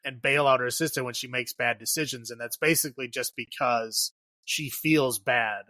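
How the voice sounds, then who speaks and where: A man's voice: mid-range voice, steady tone, moderate pace, bright, forceful tone, no room sound, clean studio sound. A man co-hosting a podcast, chatting casually and filling in plot details of a movie. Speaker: podcast co-host.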